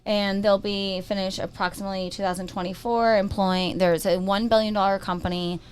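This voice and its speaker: A woman's voice: mid-range voice, level tone, fairly quick, a little hiss or hum. Chatty Arizona-born woman co-host. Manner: chatty, joking, trails off and restarts. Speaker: real estate co-host. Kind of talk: casual market chat.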